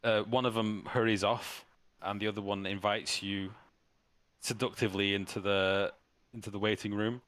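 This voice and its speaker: A man narrating a tabletop game as game master, halting and often restarting. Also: on the low side, little pitch movement, a bit bright, no room sound.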